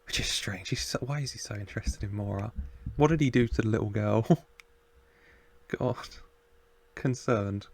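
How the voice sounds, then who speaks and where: Gravelly-voiced man reacting to a show. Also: lowish voice, moderate pace, darkish tone. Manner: chatty, laughs often, talks back to the screen. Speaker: reaction video host. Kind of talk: casual reaction commentary.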